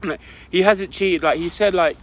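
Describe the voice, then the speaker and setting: A man's voice: high voice, moderate pace. A young man telling a story on a casual podcast, rambling and full of "like" fillers.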